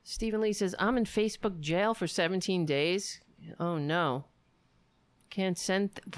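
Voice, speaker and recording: Chatty wry woman, low and unhurried. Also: no echo. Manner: chatty, wry, rambling with quick asides. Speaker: livestream host reading chat. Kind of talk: casual live-stream chat.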